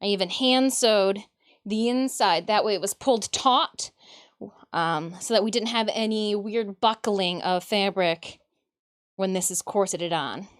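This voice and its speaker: Working on a costume in her indoor craft space, a Michigan woman chats casually with her stream viewers, mutters to herself, and laughs a lot. She has a mid-range voice with a clean tone and a measured pace.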